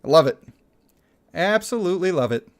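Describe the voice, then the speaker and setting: Animated male gaming streamer, fairly high voice. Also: moderate pace. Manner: animated, laughs often, reads chat aloud. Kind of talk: casual gaming livestream chat.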